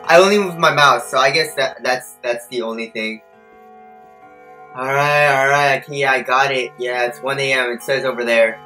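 A young man commentating a horror video game, jumpy and profane, swinging between low mutters and shouted panic. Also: moderate pace, soft background music. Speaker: gameplay streamer.

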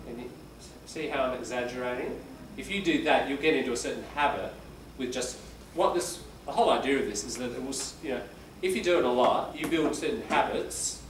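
Male English teacher, patient explainer, distant mic in a noisy classroom. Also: mid-range voice. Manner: explains patiently, demonstrates exaggerated stress by reading aloud. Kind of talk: classroom lesson. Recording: echoey room, far from the mic, background noise.

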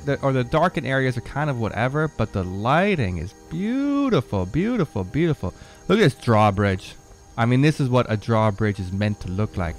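A man's voice: medium pitch, poor audio. Gamer guy, casual commentary, loose and rambling, cusses a lot, hypes everything on screen. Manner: excitable, swears freely, talks to the screen; rambling with many fillers and repeats. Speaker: gamer showing off a modded game.

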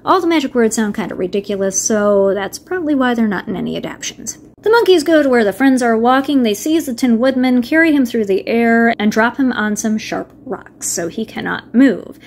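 Higher-voiced woman summarizing a story. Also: lively intonation, fairly quick, hardly any pauses, slight background noise. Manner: wry asides mixed with read-aloud passages. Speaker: video reviewer. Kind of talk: casual book-summary narration.

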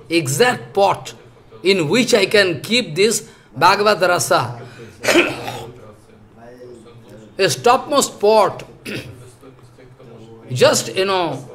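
A man teaching from scripture in an earnest, explanatory way. He talks haltingly, searches for words, and fills gaps with "you know" and repeated phrases. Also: high-pitched, a bit bright. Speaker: spiritual teacher. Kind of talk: scripture lecture.

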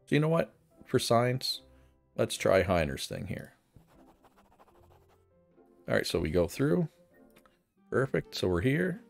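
A man's voice: medium pitch, very animated, slow, creaky, long pauses, soft background music. A man casually walking through a video game guide, chatty and thinking aloud as he plays. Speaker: gaming guide host. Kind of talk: casual game walkthrough narration.

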